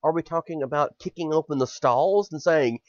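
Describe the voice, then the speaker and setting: A man's voice: on the high side, fairly quick, no echo. A man hosting a podcast, delivering an angry, profane political rant in furious bursts. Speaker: podcast host. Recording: dull lo-fi podcast audio.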